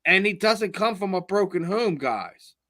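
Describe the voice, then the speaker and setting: A man co-hosting a casual podcast, halting and repeating words as he talks. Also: high-pitched, lively intonation, pushed and bright, dry recording. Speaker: podcast co-host.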